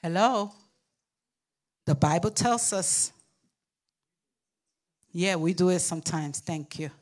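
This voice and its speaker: A woman's voice: slow, darkish tone. An older woman pastor preaching a sermon with emphatic call-and-response to the congregation, sometimes acting out babbling toddlers. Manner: acts out babbling toddlers in a squeaky voice.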